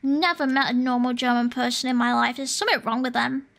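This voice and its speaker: A woman's voice: high-pitched, fairly even intonation, a little fast, vocal fry, fairly bright tone. A woman chatting on a stream in a teasing, joking way, laughing often. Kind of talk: casual stream chat. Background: faint lo-fi music.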